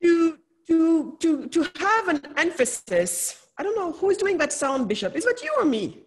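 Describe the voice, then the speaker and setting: A woman originally from Africa, co-hosting a casual conversation over a video call and speaking in an animated, emphatic way that keeps repeating words for stress. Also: very high-pitched, moderate pace. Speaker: podcast co-host.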